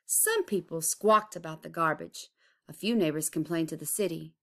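A woman's voice: deep voice, moderate pace, bright, forceful tone. A woman, an art teacher, reading a picture book aloud expressively, chanting its rhyming refrains. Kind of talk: storybook read-aloud.

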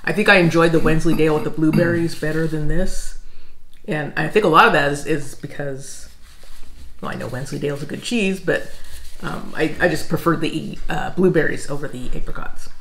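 Relaxed, chatty American woman. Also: low-pitched, a little fast, low-quality recording. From United States. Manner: relaxed, chatty, laughs easily. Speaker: food channel host. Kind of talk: casual tasting chat.

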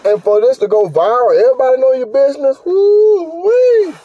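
A man's voice: very high-pitched, fast, no echo, dull audio. A middle-aged man hosting a podcast, giving blunt, profane, scolding commentary as he reacts to a video. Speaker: podcast host.

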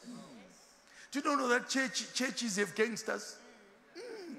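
A man preaches a sermon as a bishop in a very high-pitched, very animated voice that is slow, pushed and bright. He works in call-and-response style, posing rhetorical questions to the congregation and telling humorous stories, laughing often. The recording carries a long hall reverb and faint background noise.

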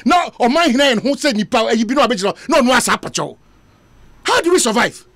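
A man's voice: extremely high pitch, sing-song, fast talker, fairly bright tone, no room sound. A Ghanaian man hosting a radio talk show, arguing with passion and switching between Twi and English. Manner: impassioned, ranting, mixing Twi and English. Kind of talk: heated talk radio debate.

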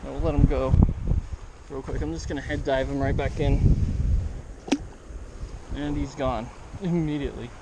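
A man vlogging while fishing a river, talking excitedly to viewers and the fish on an action camera. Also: mid-range voice, moderate pace, long pauses. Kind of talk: excited outdoor fishing commentary. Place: outdoors by a river. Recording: noisy outdoor camera audio. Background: river water and wind.

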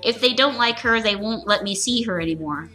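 A woman's voice: fairly high pitch, brisk, over music, natural voice. A woman voicing a nervous young female toad from a game, reading the lines plainly. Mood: worried.

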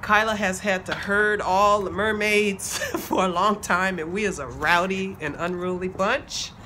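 A woman, excitedly chatting to her viewers, laughing and calling them y'all. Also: mid-range voice, unhurried, low-quality recording. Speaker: playwright unboxing a project deck. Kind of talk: casual vlog talk. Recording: background noise.

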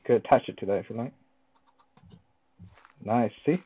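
Over dry, phone-like voice chat, a man teases his friends and laughs a lot as they play a game together. He's a Minecraft let's player whose medium-pitched, slightly rough voice carries no room sound and keeps a moderate pace.

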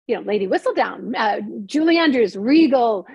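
High-voiced woman telling stories animatedly. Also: gravelly, breathy edge, no room sound, dull audio. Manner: animated, fast storytelling with many restarts. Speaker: screenwriter and novelist guest. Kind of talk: casual interview talk.

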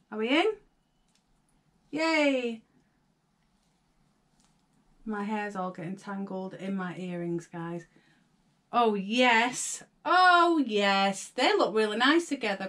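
A young woman with a Northern English accent, chatting excitedly to viewers as she unboxes jewellery. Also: medium pitch, slow pace, pauses often. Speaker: vlogger. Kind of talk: casual unboxing chat.

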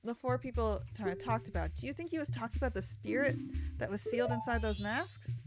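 High-voiced woman doing game commentary. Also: a little fast. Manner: joking, offhand, swears freely. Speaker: gaming commentator. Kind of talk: casual let's-play commentary. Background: video game music.

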